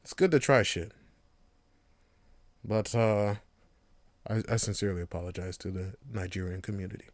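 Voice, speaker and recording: A man's voice: lowish voice, steady tone, normal speed, pauses often, no room sound. A young man hosting a casual solo podcast, loose and rambling, swearing freely. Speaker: podcast host.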